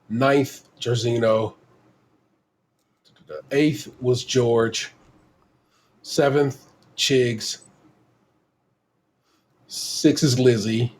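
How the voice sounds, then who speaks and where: A man's voice: medium pitch, a little hiss or hum. A man hosting a podcast in casual chat, laid-back and slangy, swearing freely and laughing often. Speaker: podcast host.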